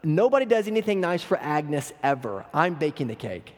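A man's voice: fairly high pitch, very animated, moderate pace. A man voicing a bossy but kind-hearted older woman who bakes, firm and insistent. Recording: long hall reverb.

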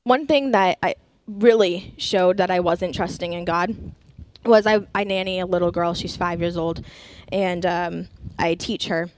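A woman's voice: fairly low pitch, fairly even intonation, unhurried, no room sound. A young woman giving an earnest sermon, sharing personal stories and reading scripture aloud. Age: young adult.

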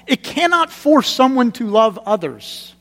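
A man with a fairly high voice preaches a sermon in a church sanctuary, his words trailing off into a long hall reverb. He talks like a pastor chatting with his flock, hammering short phrases through repetition, then sinking low and quiet for the heavy parts. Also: very animated, measured pace. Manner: conversational preaching, emphatic repetitions, drops to quiet gravity.

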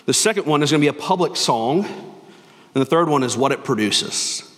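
A man's voice: a little high, expressive, normal speed. A man preaching a sermon as pastor, earnest and conversational. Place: church sanctuary. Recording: long hall reverb.

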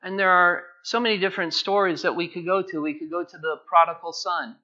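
A man's voice: high voice, steady tone, brisk, sharp tone. A man preaching a sermon as pastor, repeating phrases and building to urgent pleading. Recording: dull lo-fi church recording.

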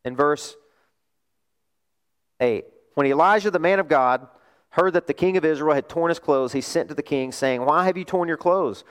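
A male pastor preaching a sermon, telling a story in an animated way and asking rhetorical questions. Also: on the high side, moderate pace, pauses often, smooth.

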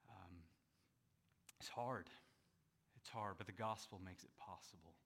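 A man's voice: lowish voice, unhurried, vocal fry, a bit bright, slightly rough. A male pastor giving a conversational sermon, acting out the voices in the stories he retells. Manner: conversational preaching, acts out quoted voices.

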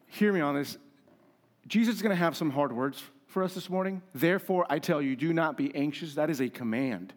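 A man's voice: a little high, fairly quick. Emphatic man preaching a sermon. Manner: emphatic, conversational, with humor and rhetorical questions. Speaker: pastor.

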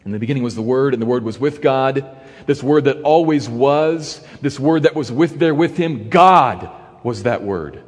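A man teaching a Bible passage in an earnest, emphatic way, pausing between short phrases. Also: mid-range voice, long reverb tail.

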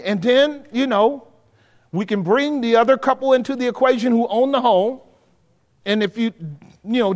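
A man with a very high voice preaches to a live congregation, talking to them directly and checking that they are following along. His sermon rings with a long reverb from a large hall. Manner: conversational preaching, checking in with the room. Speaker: pastor. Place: church hall with a live audience.

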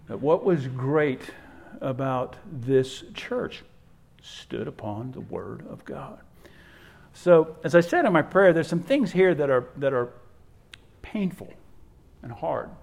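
A man who is a pastor preaching a sermon, stressing key words by repeating them, swinging from loud to hushed, with folksy storytelling asides. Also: mid-range voice, animated, slow pace, vocal fry, pauses often.

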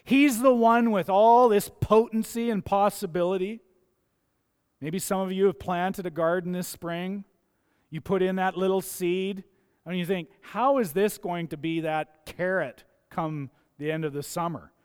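Pastor, male, high-pitched and gravelly, emphatic sermon delivery in a reverberant church hall. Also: steady tone, unhurried, a little mellow. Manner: emphatic, repeats key phrases for stress. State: gravelly, dusty throat.

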